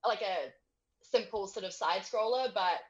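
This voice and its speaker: A woman's voice: mid-range voice, a little slow. A woman with an accent talks casually as an interview guest, laughing often and trailing off between thoughts. Her voice comes through a video call on headphones, with a dull, slightly muffled sound. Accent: non-native English accent. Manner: giggly, trailing off with fillers.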